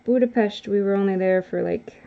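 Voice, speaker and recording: A woman's voice: mid-range voice, a little fast, creaky, lo-fi sound. A woman vlogger chatting casually while she draws, rambling and correcting herself as she goes. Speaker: art vlogger. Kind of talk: casual chat while drawing.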